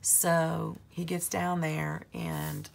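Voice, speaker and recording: A woman in her forties with a hoarse voice, telling a long story in a casual vlog, rambling with plenty of fillers. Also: low-pitched, level tone, very slow, a little hiss or hum. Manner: chatty, rambling with many fillers. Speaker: planner vlogger.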